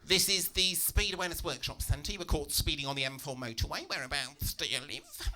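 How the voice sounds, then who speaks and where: A man's voice: fairly quick, pushed and bright. Man doing a smug bureaucratic phone clerk. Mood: officious. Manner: smug, bureaucratic, low and drawling. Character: officious male phone clerk from a driving course.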